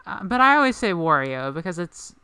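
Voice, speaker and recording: A woman's voice: lowish voice, animated, measured pace, bright, forceful tone, smooth, no room sound. A woman co-hosting a podcast in casual chat, rambling with lots of "like" fillers. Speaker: podcast co-host.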